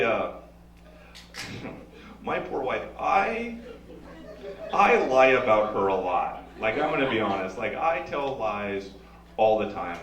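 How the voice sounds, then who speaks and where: A man doing a stand-up comedy set on a club stage, wry and self-mocking with a punchy delivery. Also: a little high. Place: club stage with a live audience. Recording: roomy live sound from a distant mic.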